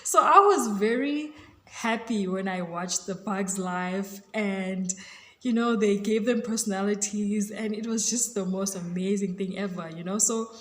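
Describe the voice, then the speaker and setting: A woman's voice: medium pitch, a little slow, a bit bright, echoey room. A woman from Africa, chatting casually to camera in a gushing way, full of "like" and "you know". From South Africa. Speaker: vlogger.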